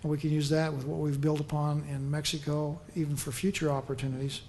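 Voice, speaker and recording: A man's voice: on the high side, little pitch movement, quick pace, a little mellow. A man giving an earnest, upbeat public speech as a governor at a press conference. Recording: echoey room, faint noise.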